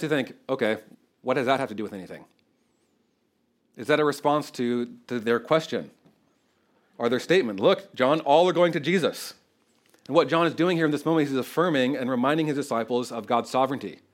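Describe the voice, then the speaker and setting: A male pastor preaching through a Bible passage in a conversational, animated style. His voice sits at an ordinary middle pitch. He keeps asking "right?" to bring listeners along. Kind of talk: expository sermon.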